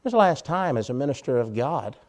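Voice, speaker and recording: A man's voice: medium pitch, big pitch swings, brisk. Man preaching a conversational sermon. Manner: conversational, rhetorical questions, wry sarcasm, volume swings. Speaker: pastor.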